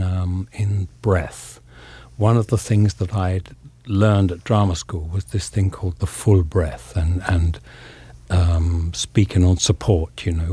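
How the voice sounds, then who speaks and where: A man from England, a guest on an interview, speaks thoughtfully with frequent pauses and fillers. His voice is very low, dark and husky, recorded dry and close. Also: dry recording. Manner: reflective, halting, many fillers. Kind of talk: casual interview talk.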